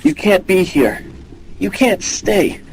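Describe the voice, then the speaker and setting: A performer voicing a frantic male cartoon dog who shouts urgent orders. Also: mid-range voice, big pitch swings, slow pace, noisy background.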